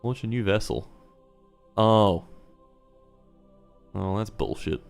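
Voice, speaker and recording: A young man commentating his own live game stream, swinging between quiet muttering and loud swearing outbursts. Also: on the low side, lively intonation, slow, vocal fry, soft background music.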